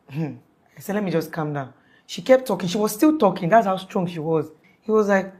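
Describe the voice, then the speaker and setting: A young woman recounting a harrowing night as a witness, her voice sitting a little low. She rambles, breaks off and restarts, and slips into the voices of the people she quotes. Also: animated, normal speed, pauses often, a little mellow. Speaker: witness telling her story. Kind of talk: emotional storytelling in an interview.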